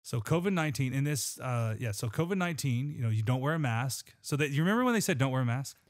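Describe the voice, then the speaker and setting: Fast and expressive, this medium-pitched male co-host reads scripture on a podcast and chats between passages. His manner is earnest and rambling, with plenty of restarts.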